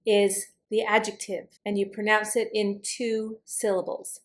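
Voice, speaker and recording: A woman teaching English vocabulary, speaking words slowly and carefully to model their pronunciation. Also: medium pitch, steady tone. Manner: slow, careful pronunciation drills. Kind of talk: scripted vocabulary lesson.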